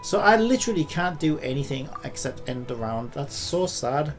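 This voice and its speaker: A man's voice: a little high, animated, normal speed, faint music behind. A man commentating live gameplay, frustrated and swearing often, ranting at the game. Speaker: gaming streamer.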